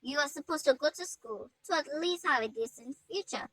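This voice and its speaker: Woman doing a weak, soft-spoken sick mother in a storybook, slow and gentle, high bright voice. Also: animated, no echo, poor audio. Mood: frail, tender. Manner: slow, tender. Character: frail sick mother, gentle but stern.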